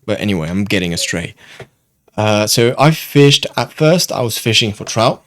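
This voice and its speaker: A young man from France with a French accent, telling a fishing story as a guest in a casual, animated chat. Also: on the low side, moderate pace, no room sound. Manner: animated storyteller, loose and chatty.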